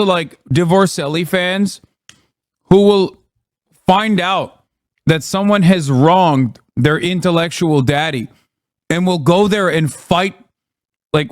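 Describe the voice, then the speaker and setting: A man's voice: high voice, unhurried, dry recording, clean studio sound. A man live-streaming, ranting in blunt, profane casual commentary and mocking what he reacts to.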